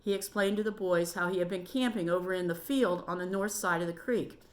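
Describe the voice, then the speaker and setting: A woman reading a children's book aloud in a steady, measured storytelling manner. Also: fairly low pitch.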